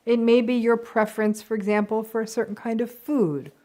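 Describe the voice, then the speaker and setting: A woman's voice: on the high side, steady tone, a little fast, dark tone. A woman psychologist giving an educational talk to camera. She speaks directly and with emphasis, acting out the replies she quotes. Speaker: psychologist explaining healthy relationships.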